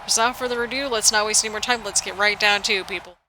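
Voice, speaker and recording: A woman's voice: medium pitch, steady tone, quick pace, bright, forceful tone, a little hiss or hum, low-quality recording. A woman casually commenting play-by-play over a video game at home, rambling and poking fun at her own slip-ups. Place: home apartment.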